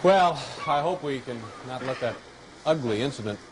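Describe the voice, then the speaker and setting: A man's voice: medium pitch, expressive, normal speed. A man hosting a late-night comedy sketch, playing a flustered, fatherly scolder. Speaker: talk show host. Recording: noisy TV broadcast with loud studio audience.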